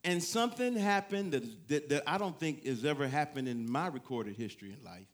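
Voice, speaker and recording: A male pastor preaching a sermon in a church, telling a story with laughter and sudden bursts of near-shouting. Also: on the high side, expressive, a little fast. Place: church with a congregation.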